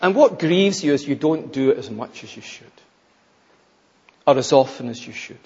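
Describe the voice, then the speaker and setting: A man preaching a sermon, slow and emphatic, with sudden loud rises and hushed drops. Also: mid-range voice, animated, breathy edge. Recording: dull, lo-fi recording in a reverberant hall.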